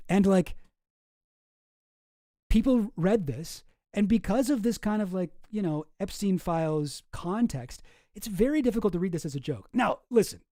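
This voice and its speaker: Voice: mid-range voice, mellow, dry recording, clean studio sound. A streamer from Canada giving casual, profane, rambling political commentary with a sarcastic edge.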